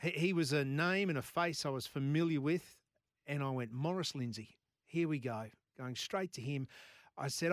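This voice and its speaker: A man's voice: fairly high pitch, dry recording. A man, hosting a morning radio show in a chatty, storytelling way. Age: 40s. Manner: chatty storyteller, quick asides and laughs. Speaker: radio host. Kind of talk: casual radio chat. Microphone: studio microphone.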